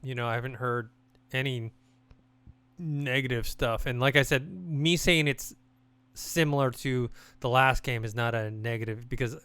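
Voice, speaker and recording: A man co-hosting a games podcast, talking in a loose, rambling way with frequent restarts. His voice is bright and clean, recorded dry and close with almost no room sound. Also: mid-range voice, moderate pace, clean tone, no room sound. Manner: relaxed, rambling, many restarts and fillers. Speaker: podcast co-host. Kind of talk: casual chat.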